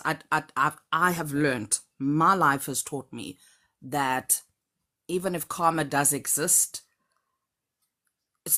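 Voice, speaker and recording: Low-voiced woman telling a personal story. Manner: measured, reflective, lively when joking. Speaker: caller on a live stream.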